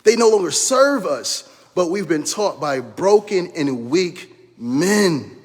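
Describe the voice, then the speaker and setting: With a high-pitched, sing-song delivery at a slow pace and a breathy edge, this middle-aged man preaches a fervent motivational message. He works as a life coach and minister, repeats his phrases, addresses listeners as brother, and a long reverb tail trails his words.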